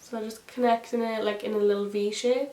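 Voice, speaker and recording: A woman's voice: medium pitch, little pitch movement, fairly quick, warm tone. A woman vlogging a chatty makeup tutorial, rambling with gossipy asides and plenty of fillers. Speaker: beauty vlogger. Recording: echoey room with faint hiss.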